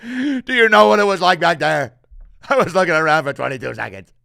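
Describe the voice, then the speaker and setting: A man's voice: on the high side, expressive, brisk, gravelly, pushed and bright, dry recording, clean studio sound, pitched above the performer's own voice, full character voice. A man voicing a frantic, overjoyed pet dog, talking in a breathless rush.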